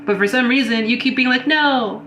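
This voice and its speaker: A woman's voice: a little high, fairly even intonation, quick pace, fairly bright tone, roomy sound, a little hiss or hum. A woman giving an intuitive reading to her viewers in a blunt, heated lecture full of swearing. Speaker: spiritual reader.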